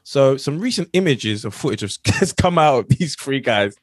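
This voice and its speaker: A man's voice: medium pitch, expressive, normal speed, dry recording, clean studio sound. A man with a South London accent hosting a podcast, joking and telling a story with many fillers. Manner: jokey, pun-making, hesitant with many fillers. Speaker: podcast host. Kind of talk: casual chat, telling a news story.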